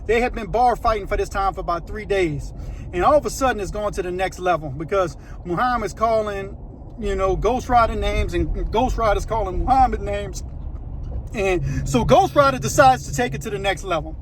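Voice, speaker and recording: A man's voice: high voice, moderate pace, a little hiss or hum. A man telling a story in a casual, slangy, conversational way, with frequent asides to the listener.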